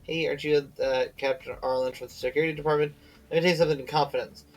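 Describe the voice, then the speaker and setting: Sleepy guy streaming a game, reading the lines out loud, trips on words n fixes them, soft music behind. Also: a little high, steady tone, racing, poor audio. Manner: reads aloud with slips and self-corrections, breaks off to chat. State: tired and yawning. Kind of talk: reading game dialogue aloud on a live stream.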